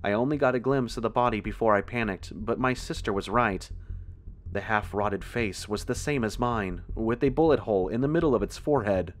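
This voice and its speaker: A man with a fairly low voice reads a first-person horror story aloud. His telling is tense and measured, steady through the scary scenes. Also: a little hiss or hum. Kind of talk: scripted horror narration.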